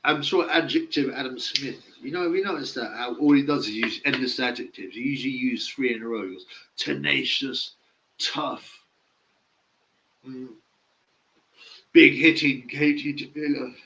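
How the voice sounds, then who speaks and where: A man's voice: mid-range voice, a little fast, few pauses, a bit bright, slight background noise, rough recording. A man giving casual live-stream boxing commentary, blunt, mocking and opinionated.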